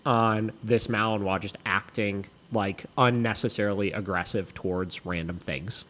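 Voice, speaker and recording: A man's voice: lowish voice, moderate pace, a little hiss or hum. A man hosting a dog training podcast, casual chat full of swearing and laughter. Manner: animated, profane, laughs often.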